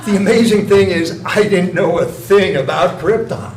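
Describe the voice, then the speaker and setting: Older man, stand-up comic, deadpan, mock-innocent, high voice, echoey club, audible crowd noise. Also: normal speed. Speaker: stand-up comedian. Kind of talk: stand-up comedy. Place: comedy club stage.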